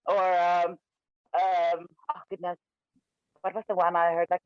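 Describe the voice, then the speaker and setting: A chatty South African woman whose accent drifts toward American. She laughs easily and talks in a lively, loose way, heard dry and close on a slightly dull, lo-fi recording. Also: fairly low pitch, unhurried, no echo. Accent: South African with American influence. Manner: laughs often, chatty and animated. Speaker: guest. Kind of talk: casual chat.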